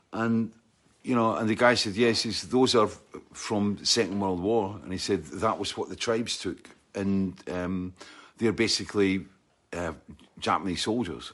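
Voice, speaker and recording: A man with a Scottish accent telling a rambling anecdote, often checking in with "right?" and mimicking sounds with his mouth. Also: fairly low pitch.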